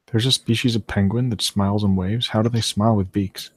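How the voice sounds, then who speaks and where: A man's voice: lowish voice, steady tone, brisk, slightly rough, no room sound. A man playing a tabletop role-playing game, asking blunt questions in casual chat. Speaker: player.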